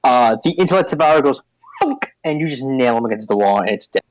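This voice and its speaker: A man running a tabletop game as dungeon master, talking haltingly with many ums and uhs. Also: medium pitch, lively intonation, dry recording, low-quality recording.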